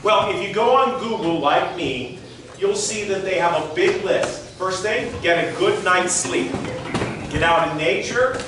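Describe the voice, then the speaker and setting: A man's voice: high voice, lively intonation, measured pace, background noise. A man in his sixties giving a storytelling talk on stage, speaking conversationally and directly to the audience while demonstrating with his hands. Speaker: motivational speaker. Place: large hall with audience. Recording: echoey hall from far off.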